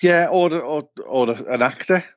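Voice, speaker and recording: Man, podcast co-host, blunt, sweary, animated stories, dull dry recording. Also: a little high, normal speed, no echo. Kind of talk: casual chat.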